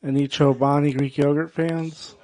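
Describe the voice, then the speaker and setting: A male stand-up comedian doing a set, loud and profane, working the crowd. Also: fairly high pitch, level tone, moderate pace. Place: comedy show stage.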